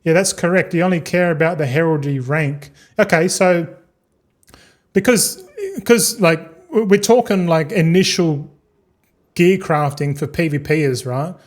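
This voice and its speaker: A man's voice: on the high side, measured pace. A young man streaming live, rambling and swearing as he chats with viewers. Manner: rambling, swearing, talks to chat. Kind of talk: casual livestream chat.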